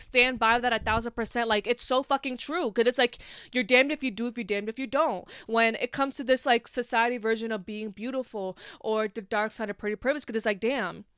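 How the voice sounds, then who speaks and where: A young woman carries a solo podcast with a bright, smooth, clear voice pitched a touch high. She talks with passion and plenty of swearing, leaning on "like" and "you know" as she goes. The sound is dry and close, with no room around it. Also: no room sound. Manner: passionate, profane, heavy use of filler "like". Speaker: podcast host. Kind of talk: casual solo podcast monologue.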